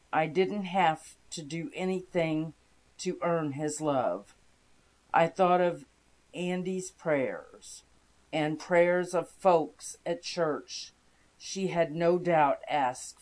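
Slow, measured storybook narrator. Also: medium pitch, a little mellow. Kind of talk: scripted narration of first-person inspirational stories.

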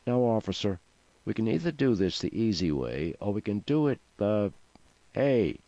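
A pompous man barging in with blustering self-importance, pitched up and loud as the narrator puts him on. Dry, slightly dull recording. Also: very animated, normal speed, dry recording. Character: pompous self-appointed male lawyer.

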